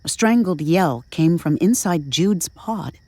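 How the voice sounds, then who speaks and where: A woman narrating an audio drama in a measured, even storytelling manner. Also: fairly low pitch, dry recording.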